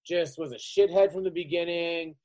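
A man's voice: on the high side, moderate pace, crowd noise, low-quality recording. A man telling a profane road story in casual podcast chat, acting out the people he quotes. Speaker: podcast guest.

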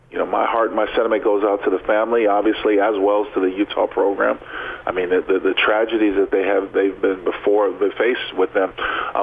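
A man calling in as a radio guest, speaking in a somber, measured way. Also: lowish voice, breathy edge. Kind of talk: phone-in interview. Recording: tinny phone line.

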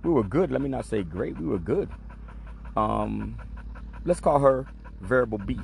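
A man's voice: mid-range voice, expressive, measured pace, creaky, a little hiss or hum. A man hosting a podcast, telling a long personal story in a laid-back, streetwise and profane way. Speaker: podcast host. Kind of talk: casual storytelling monologue.

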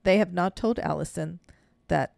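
A woman's voice: fairly low pitch, normal speed, gravelly, no echo, clean studio sound. A woman co-hosting a podcast, telling a story in casual chat, laughing often and acting out what people said. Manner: animated storyteller, laughs often, acts out quotes. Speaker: podcast co-host.

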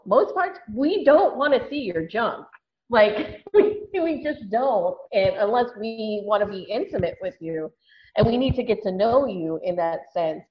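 Woman guest, chatty and frank, higher voice, slightly dull line with faint hiss. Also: lively intonation, unhurried. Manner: chatty, frank, laughs often. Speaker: dating venture founder, guest. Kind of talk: casual podcast chat.

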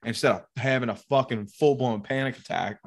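A man telling a story in casual, profane chat. He is animated and swears a lot, and he acts out the people in his story. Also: mid-range voice, fairly quick.

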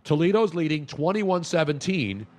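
A man's voice: fairly high pitch, sing-song, moderate pace. A man hosting a sports talk radio show, telling long rambling stories and laughing as he talks. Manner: rambling storyteller, laughs while talking.

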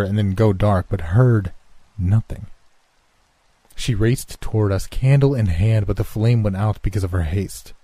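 A man reading a horror story aloud in a measured, hushed narration. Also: on the low side, dry recording.

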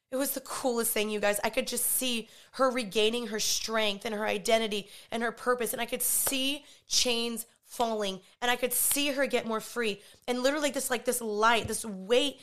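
A woman giving a personal faith testimony, retelling a conversation in an animated, earnest way and often quoting herself. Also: a little high, normal speed. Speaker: Christian vlogger and podcaster.

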